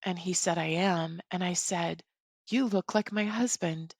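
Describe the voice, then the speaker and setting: Woman in her forties, podcast guest, measured reflective storytelling, dry close sound. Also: fairly low pitch, no room sound. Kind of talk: personal storytelling in a podcast interview.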